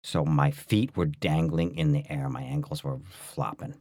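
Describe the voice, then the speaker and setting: A man with a very low voice tells a story on a podcast, loose and rambling, with lots of restarts and fillers. The sound is dry and close, with no room behind it. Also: moderate pace, no echo. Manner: rambling, full of restarts and "like", animated. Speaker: podcast co-host. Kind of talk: casual storytelling chat.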